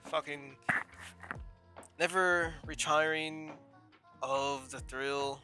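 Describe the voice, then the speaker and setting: A man's voice: a little high, steady tone, very slow, sharp tone, faint music behind. A man streaming a game, reading the text aloud while sick, stumbling and correcting himself.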